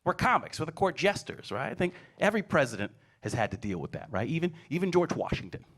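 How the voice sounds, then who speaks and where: A man's voice: fairly high pitch, big pitch swings, quick pace, fairly bright tone, husky. A male headlining comedian doing a stand-up set on a club stage, wry and teasing the crowd.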